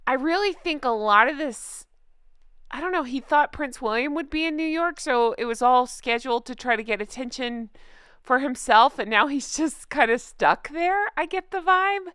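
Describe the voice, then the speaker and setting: A woman's voice: sits high, animated, moderate pace, a bit bright, clear, resonant tone, dry recording, studio quality. A woman hosting her own channel, chatting in a snarky, gossipy way and laughing often. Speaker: commentary channel host. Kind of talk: casual gossip commentary.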